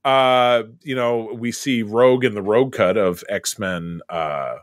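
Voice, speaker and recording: A man's voice: lowish voice, slow pace, no echo, studio quality. A man co-hosting a casual film podcast, rambling through scene recaps in a conversational way. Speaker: podcast co-host. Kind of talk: casual movie discussion.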